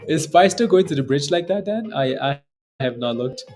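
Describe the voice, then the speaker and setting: A man's voice: fairly high pitch, animated, moderate pace, a little mellow, faint music behind. A man hosting a live day-trading stream, talking loosely and chatting with viewers, with lots of fillers and "right?" tags. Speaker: day-trading livestream host. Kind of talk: casual live commentary reading chat.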